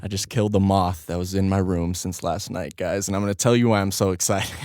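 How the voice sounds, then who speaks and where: A deep-voiced man hosts his own podcast from a home studio, talking a little fast with no echo. He tells a story in a casual, animated way, laughing along and swearing constantly.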